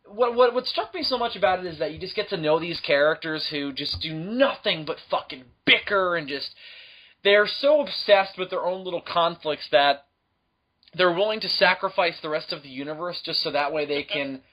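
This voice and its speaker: A young man co-hosting a podcast in an easy, animated chat, laughing often and slipping into little impressions as he talks. His voice sits high. The audio comes through dull and lo-fi. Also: moderate pace. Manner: animated, laughs often, acts out quoted lines. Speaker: podcast co-host. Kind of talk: casual chat.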